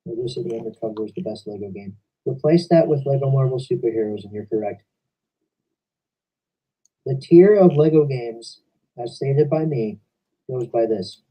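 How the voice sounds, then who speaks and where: A man's voice: mid-range voice, normal speed, long pauses, dark tone, slightly rough, far from the mic, poor audio. A young man hosting a stream, chatting casually and rambling about video games. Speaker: stream host. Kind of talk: casual chat. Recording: voice from away from the mic.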